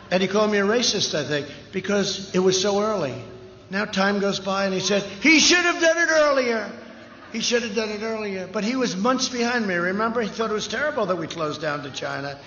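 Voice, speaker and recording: This political rally speaker has a high-sitting, sharp-toned voice, heard over slight background noise. His improvised speech in a large venue is boastful and rambling, full of digressions, and it comes through an echoey, lo-fi rally sound system.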